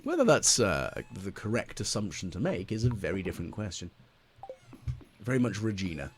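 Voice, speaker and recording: A man's voice: fairly low pitch, very animated, normal speed, a little hiss or hum. A man in his late thirties rambling over a farming game, musing and mocking himself with lots of ums. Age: late 30s. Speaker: gaming channel host. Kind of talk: casual let's play commentary.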